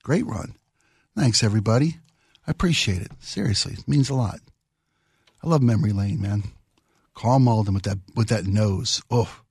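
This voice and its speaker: A man's voice: on the low side, darkish tone, slightly rough, no room sound, studio quality. A middle-aged man hosting a radio show, chatting casually and enthusiastically, rambling about old television. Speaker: radio host. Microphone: studio microphone.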